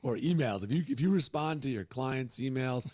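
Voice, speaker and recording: A man's voice: mid-range voice, expressive, normal speed, a little mellow. A man co-hosting a casual talk show, chatty and easygoing. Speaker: co-host. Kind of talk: casual chat.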